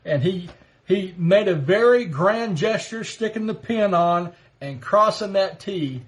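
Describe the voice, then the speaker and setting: A man in his fifties hosting a live stream, casually telling a personal anecdote with animated delivery and chuckles. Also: sits high, a little slow. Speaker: livestream host. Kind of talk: casual storytelling.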